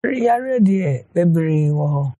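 Man explaining, soft dark voice. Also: on the high side, animated, slow pace, no echo. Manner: explains at length, with many hesitant restarts. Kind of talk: casual health chat.

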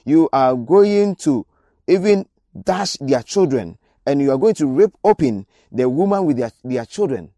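A man's voice: a little high, animated, measured pace, dark tone, no room sound. A preacher voicing an old male prophet who foretells doom in solemn, emphatic pronouncements. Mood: foreboding.

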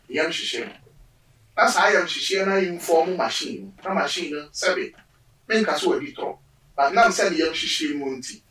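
A man hosting a talk show, asking guests long questions in a lively way. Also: a little high. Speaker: host. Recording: roomy, distant mic.

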